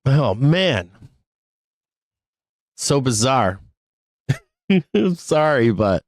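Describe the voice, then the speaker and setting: A man's voice: medium pitch, sing-song, extremely slow, long pauses, no room sound, rough recording. A man hosting a live stock market show, ranting in exasperation with frequent laughter and cursing. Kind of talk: live-stream rant.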